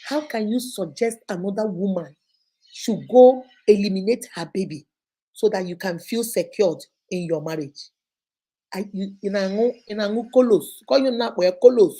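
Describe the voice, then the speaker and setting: Woman, advice show host, animated and preachy, mellow voice. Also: mid-range voice, normal speed. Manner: animated, preachy, scolding rhetorical questions. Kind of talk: casual advice commentary.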